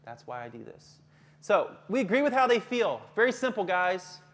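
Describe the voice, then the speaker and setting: Male counselor running a teacher workshop in front of a room; lively and engaging, lowers to a soft calm voice for examples. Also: moderate pace. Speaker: school counselor presenting to teachers. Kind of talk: live workshop talk.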